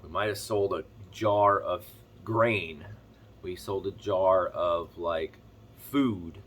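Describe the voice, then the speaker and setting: Fast-talking man with a bright voice. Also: deep voice, slight background noise. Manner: rambling, fast-talking storyteller. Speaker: farm vlogger. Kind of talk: casual chat to camera. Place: home kitchen, sitting on the floor.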